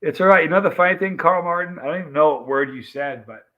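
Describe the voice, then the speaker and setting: A man's voice: fairly high pitch, quick pace, muffled recording. A middle-aged American man, a livestream host, telling a rambling story to his chat and acting out the quotes, with many restarts. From United States. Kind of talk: casual storytelling to a live chat.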